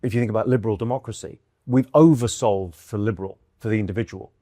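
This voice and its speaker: A man's voice: lowish voice, quick pace, mellow, no room sound. A man from the United Kingdom, a comedian guest in a casual conversation, musing aloud with dry wit and many restarts. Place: indoor room in London.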